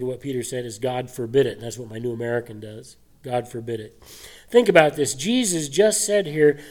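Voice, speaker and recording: A man preaching a sermon, animated and full of rhetorical questions and scoffing laughs. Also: mid-range voice. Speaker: pastor.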